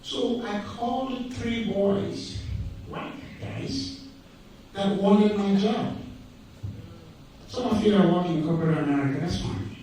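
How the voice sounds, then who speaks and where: A man's voice: sits high, slow, long pauses, warm tone, heavy reverb, distant mic, a little hiss or hum, low-quality recording. A middle-aged man from Nigeria with a Nigerian accent gives an emphatic motivational talk full of rhetorical questions and stories. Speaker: speaker.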